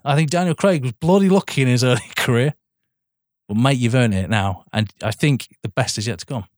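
A man's voice: mid-range voice, fairly quick, darkish tone, no echo, clean studio sound. A man co-hosting a podcast, chatting eagerly about films, swearing and calling his friend mate. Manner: enthusiastic, swears, keeps saying "mate". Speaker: podcast co-host. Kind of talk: casual film chat.

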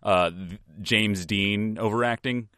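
A man co-hosting a podcast in a casual movie-recap chat, recounting scenes at length in a relaxed way. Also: fairly low pitch, slow, clear, resonant tone, no room sound, studio quality. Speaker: podcast co-host.

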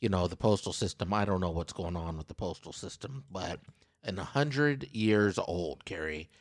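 A man's voice: sits low, normal speed, no echo, studio quality. A man co-hosting a casual podcast, reading out a news story in a playful, teasing way and raising his voice for quotes. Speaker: podcast co-host.

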